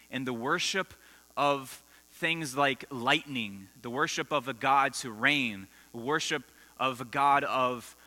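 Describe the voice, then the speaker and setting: Long reverb from a school assembly hall and mains hum fill this recording of a man's conversational sermon to students. He tells stories and quizzes his listeners in a bright, forceful, mid-range voice.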